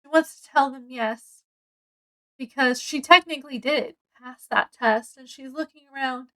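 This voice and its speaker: A woman casually reviews a book, retelling its plot in a rambling way full of ums and self-corrections, and excitedly acts out the characters' lines. Her voice is high-pitched at normal speed, and the audio quality is poor.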